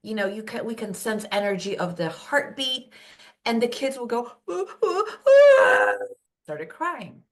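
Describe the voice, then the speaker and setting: A woman from Poland, a brain health coach, telling stories as a podcast guest and acting out quoted voices. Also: normal speed. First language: Polish. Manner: animated storytelling, acts out quotes in high voices. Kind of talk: casual podcast interview.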